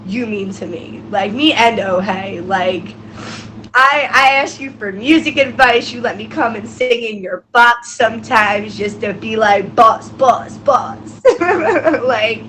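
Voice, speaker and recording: A woman's voice: fairly high pitch, measured pace, fairly bright tone, slight background noise, rough recording. A young woman co-hosting a live-stream show, emotional and gushing, laughing through tears. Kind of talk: casual live-stream chat.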